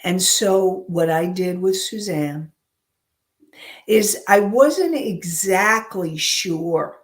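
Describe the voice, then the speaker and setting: A woman coach giving a teaching talk, speaking slowly and deliberately, pausing often and using personal examples. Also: on the low side. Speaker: emotional intelligence coach.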